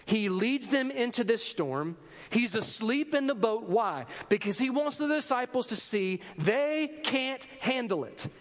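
A man delivers a sermon in a high, bright-toned voice, talking to the congregation conversationally. He throws out rhetorical questions and joking asides, and his voice carries the long reverb of a large hall. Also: lively intonation, a little slow. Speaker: pastor.

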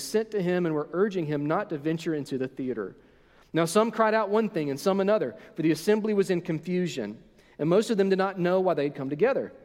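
A man with a high, lifted voice preaches a sermon, telling the scripture story with animated energy and voicing the crowd's shouts. His words carry a long reverberant tail, as in a sanctuary. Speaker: pastor.

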